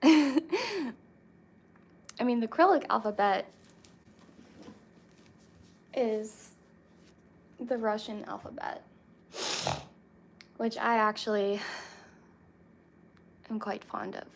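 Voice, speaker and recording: A young woman chatting casually with viewers, rambling with lots of fillers and pauses. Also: medium pitch, steady tone, vocal fry, slight background noise. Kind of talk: casual chat.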